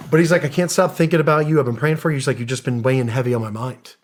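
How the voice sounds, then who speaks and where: A man's voice: mid-range voice, fast, slight background noise. A middle-aged man, a guest on a podcast, telling his story casually and earnestly, acting out quoted dialogue and using casual slang. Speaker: podcast guest, former special operations soldier.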